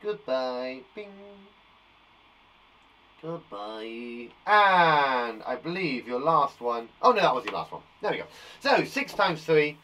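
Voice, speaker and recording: A man's voice: fairly high pitch, sing-song, moderate pace, pushed and bright. A man from England, a primary school teacher giving a live online maths lesson to young children, playful and encouraging, chatting to viewers by name.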